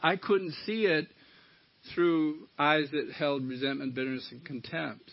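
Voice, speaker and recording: A man's voice: on the high side, steady tone, unhurried, creaky. A middle-aged man giving a candid personal share at a recovery meeting, swearing casually as he tells his story. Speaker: recovery speaker. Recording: dull lo-fi talk recording.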